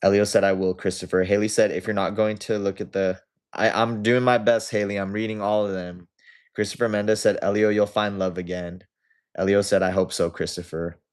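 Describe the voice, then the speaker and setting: A man's voice: fairly low pitch, level tone, brisk, clear, resonant tone. A young man hosting a livestream, casually reading viewer comments aloud and chatting back to them. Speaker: livestream host.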